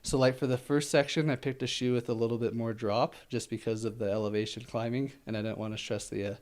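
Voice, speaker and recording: A man's voice: mid-range voice, steady tone, fast, darkish tone. A man taking part as a guest in an interview, rambling with many fillers, laughing easily and slightly out of breath. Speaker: ultramarathon runner guest. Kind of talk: casual interview chat.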